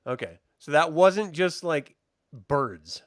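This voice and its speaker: A man's voice: fairly high pitch, lively intonation, takes it slowly, no echo, studio quality. A man co-hosting a podcast, laid-back and joking, laughing often. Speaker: podcast co-host. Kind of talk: casual chat.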